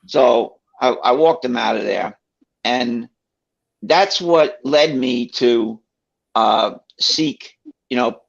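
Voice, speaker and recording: Gravelly middle-aged New man, rambling. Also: medium pitch. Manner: rambling, many fillers and restarts, acts out quotes. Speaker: commentator telling his story. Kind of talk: casual personal storytelling. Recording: dull lo-fi recording.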